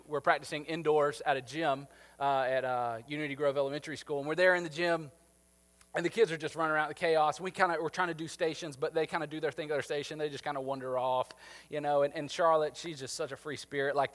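Man, thirties, pastor, slightly high voice, sermon storytelling that drops soft and tender. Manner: storytelling, shifting from lively to hushed and tender.

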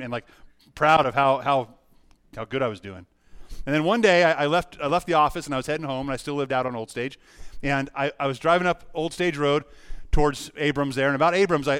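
A middle-aged pastor preaching a sermon, telling a personal story earnestly with frequent restarts. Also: male voice, mid-range voice, fairly bright tone, clear, resonant tone, no echo.

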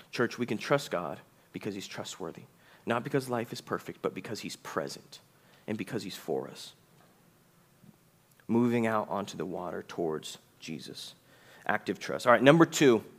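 A male pastor preaching a conversational sermon, reading scripture aloud, asking the congregation questions and slowing down for emphasis. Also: medium pitch.

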